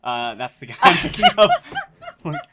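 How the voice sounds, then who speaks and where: A man playing in a tabletop game, rambling through excited tangents in a casual chat on a remote home mic. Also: mid-range voice, normal speed, very noisy.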